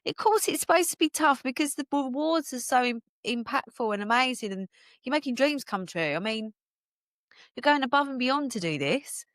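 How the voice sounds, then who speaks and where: A woman from the UK hosting a solo business podcast, talking in an energetic, emphatic, motivational way and laughing often. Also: high-pitched, moderate pace, dry recording, clean studio sound. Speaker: podcast host and business coach.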